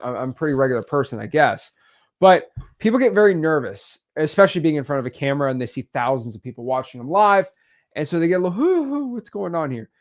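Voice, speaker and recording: Energetic man coaching. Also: on the high side, fast talker. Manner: energetic, repeats words, acts out examples. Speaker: real estate wholesaling coach. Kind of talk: teaching talk on video.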